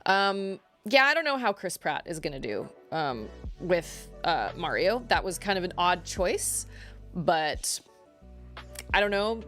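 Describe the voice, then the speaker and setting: A woman's voice: lowish voice, sing-song, unhurried, a bit bright, soft background music. A woman livestreaming, chatting casually and rambling as she reacts to her viewers. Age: adult parent. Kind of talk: casual chat.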